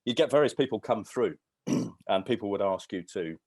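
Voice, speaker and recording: Here a fifties-aged man guesting on a podcast rambles through casual anecdotes, restarting often and leaning on fillers. He has a fairly low, expressive, slightly mellow voice at a moderate pace, recorded with no echo.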